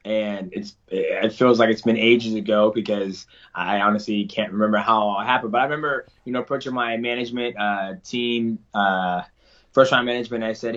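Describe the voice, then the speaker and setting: A man's voice: lowish voice, fairly even intonation, normal speed, fairly bright tone. Casting: earnest male interview guest, casual and rambling, a little lo-fi.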